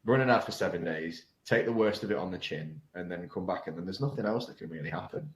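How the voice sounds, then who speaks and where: A man's voice: sits low, quick pace. A man speaking as a guest in a casual interview, blunt, frank and sweary. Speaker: guest, online coaching business owner. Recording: roomy echo.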